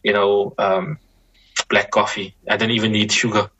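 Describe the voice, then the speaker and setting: A man speaking as an Islamic scholar guest, giving reflective advice in a measured way, often repeating and restarting phrases and interjecting religious expressions. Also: lowish voice, flat delivery, pushed and bright, breathy edge, dull audio.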